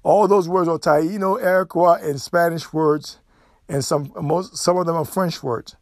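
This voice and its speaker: A middle-aged man with a Haitian accent talks through a solo podcast monologue, pressing each point and circling back to repeat it. His voice sits somewhat high for a man. The sound is dry and close, with no room around it. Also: fairly even intonation, measured pace, no echo. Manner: emphatic, repeats points, nonstandard grammar. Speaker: podcast host.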